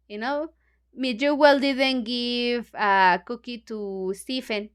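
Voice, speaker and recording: A woman with a Mexican Spanish accent reads a storybook to English learners and stops often to explain it in a chatty way full of fillers. Her voice is high and smooth, and she takes her time. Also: takes it slowly, fairly bright tone. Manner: chatty, hesitant, many fillers, glosses lines in Spanish. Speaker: English book club teacher. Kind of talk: reading a storybook aloud and explaining it.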